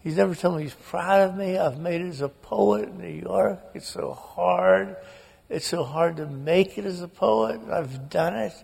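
A woman's voice: medium pitch, brisk, gravelly, hardly any pauses, dark tone, breathy edge, voice pushed up, full character voice. A man putting on the voice of a distraught grown daughter who screams and pleads with her dying father. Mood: tearful pleading. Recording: long hall reverb.

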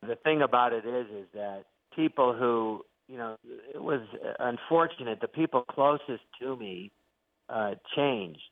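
Speaking at a measured pace in a mid-range voice, a middle-aged actor and comedian tells stories as an interview guest, bringing the quotes to life by acting them out. The casual conversation is heard through a dry, tinny phone line.

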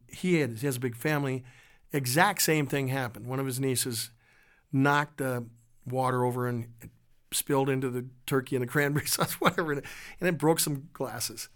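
Casting note: male musician guest, earnest storytelling voice, halting and reflective. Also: a little high, a bit bright. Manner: earnest, halting with restarts and fillers.

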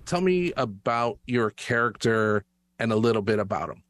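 A man's voice: fairly low pitch, lively intonation, normal speed, a bit bright, dry recording. A man interviewing a young guest on the radio, asking friendly, curious questions.

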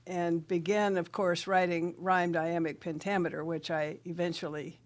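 A woman's voice: fairly low pitch, normal speed. Older woman rancher telling stories. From South Dakota. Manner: lively storyteller, laughs often, recites verse. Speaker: guest writer and rancher. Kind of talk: radio interview storytelling.

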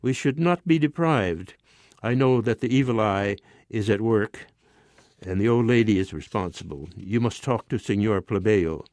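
A man's voice: fairly low pitch, moderate pace, darkish tone, no room sound, studio quality, close to an everyday voice. A man voicing a superstitious, self-pitying peasant wife. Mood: pleading. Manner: pleading, insistent.

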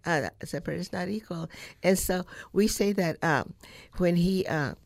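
A woman in her eighties from California, a radio interview guest recounting childhood memories in a reflective, halting way. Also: fairly low pitch, creaky, dry recording. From California, United States. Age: 80s. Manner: storytelling, reflective, halting with fillers. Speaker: guest, civil rights activist.

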